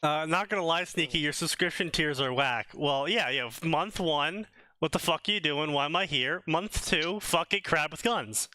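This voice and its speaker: A man's voice: fairly high pitch, moderate pace, bright, forceful tone, dry recording. A young man from New Jersey with a Jersey accent, telling stories in casual stream banter, swearing freely and laughing often. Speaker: co-host.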